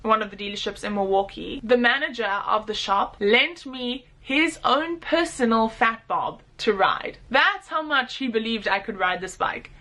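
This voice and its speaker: A woman's voice: fairly high pitch, moderate pace, hardly any pauses. A young woman in her twenties with a South African accent, animatedly telling personal stories in an interview. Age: 20s. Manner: animated, acts out quoted voices. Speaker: interviewee, motorcycle rider.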